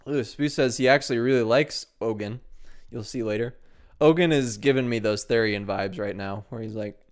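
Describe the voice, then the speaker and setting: A man's voice: mid-range voice, moderate pace, smooth. A man hosting a let's play, giving playful, self-deprecating gaming commentary with a lot of giggling.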